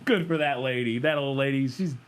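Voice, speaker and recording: A man's voice: mid-range voice, a little fast, a little hiss or hum. Rambling, swearing male podcast co-host. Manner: rambling, laughing, swears freely. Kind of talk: casual chat reviewing a film.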